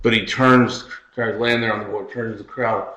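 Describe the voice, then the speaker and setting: A man's voice: lowish voice, steady tone, moderate pace, sharp tone, roomy sound, rough recording. A man co-hosting a podcast in casual chat, rambling through a story and laughing at his own jokes. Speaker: podcast co-host.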